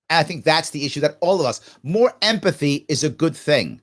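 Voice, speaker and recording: A political talk show host with a fairly high, brisk male voice runs a live show, reading viewer comments aloud and answering them emphatically. He often poses questions and answers them himself, staying animated and tossing in jokey asides.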